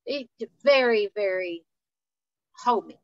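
A woman, a guest telling wild party stories in a loose, animated way. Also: mid-range voice, takes it slowly, dry recording, muffled recording. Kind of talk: casual storytelling chat.

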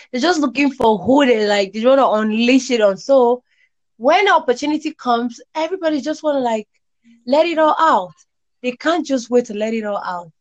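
A woman chatting casually as a podcast guest, telling lively stories. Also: muffled recording. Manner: animated storytelling, jumps high when quoting others. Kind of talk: casual chat.

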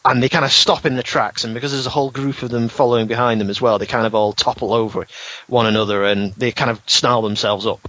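A man's voice: medium pitch, steady tone, fast, sharp tone, lo-fi sound. A man playing in a tabletop game, chatting and joking casually. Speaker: player. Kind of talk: casual podcast banter.

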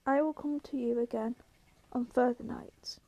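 A woman voicing an ancient, towering male tree monster that makes slow, booming proclamations. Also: steady tone, mellow, muffled recording. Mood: ominous.

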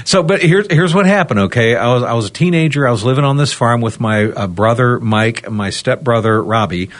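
A man's voice: mid-range voice, expressive, a little fast. A man from the United States, a regular on a podcast panel, earnestly telling a personal story in casual chat and often turning to his listeners. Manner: earnest, addresses listeners as "guys", checks in with "okay?". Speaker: roundtable panelist.

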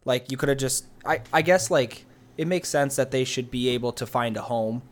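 A man's voice: mid-range voice, steady tone, moderate pace. A man co-hosting a casual esports chat, rambling with many fillers and restarts. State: hiccups. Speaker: podcast co-host.

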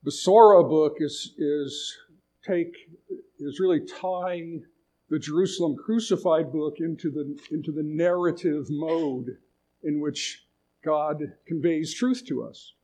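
A man's voice: a little high, a little slow, dark tone. A man giving a sermon at a retreat, retelling a story in a conversational way with frequent restarts. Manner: conversational, restarts phrases, paraphrases a story aloud. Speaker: retreat speaker.

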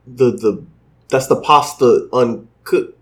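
A man chatting casually on a podcast, laid-back and slangy, quick to laugh. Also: medium pitch. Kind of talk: casual chat.

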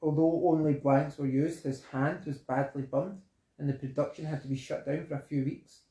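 Man, Scottish accent, dark mellow tone, dry trivia reading, roomy echo. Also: a little high, fairly even intonation, moderate pace. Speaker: film podcast co-host. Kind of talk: casual chat, reading film trivia. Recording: echoey room.

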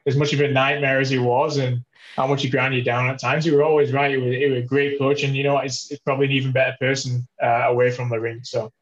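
A man's voice: mid-range voice, flat delivery, quick pace, lo-fi sound. A man from the UK, a hockey player guest chatting casually, often repeating words and restarting his sentences. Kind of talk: casual chat.

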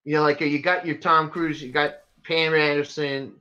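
Rambling man, bright dull recording. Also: fairly high pitch, normal speed. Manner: rambling, animated, lots of fillers. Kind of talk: casual chat, storytelling. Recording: dull lo-fi sound.

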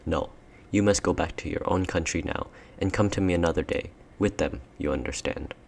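A man narrates an audiobook in the voice of a cold, coaxing queen, tall and regal, who persuades with sweet talk and gives commands. His low voice moves a little fast, a little mellow with vocal fry, over a faint hiss or hum.

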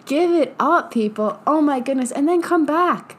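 A woman's voice: sits high, lively intonation, normal speed, few pauses. A young woman hosting a podcast, giving a casual motivational monologue, swearing a lot and laughing often. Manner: profane, emphatic, laughs often. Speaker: podcast host.

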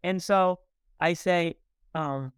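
A middle-aged man talks as a podcast guest, earnest and warm, playing out every quoted line as he tells his story. His voice is smooth and resonant. The sound is dry, close to the mic. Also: sits high, slow pace, no room sound. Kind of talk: conversational storytelling.

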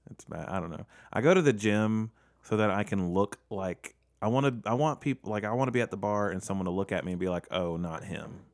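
A man's voice: lowish voice, expressive, a little fast. A young man co-hosting a casual podcast chat, hesitant and self-deprecating, often trailing off. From Southern United States. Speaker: podcast co-host.

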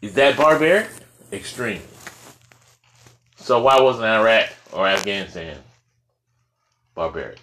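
A man's voice: on the low side, very animated, unhurried, pauses often, fairly bright tone, rough recording. A man from the United States giving an impassioned opinion monologue, full of rhetorical questions and repeated words for stress.

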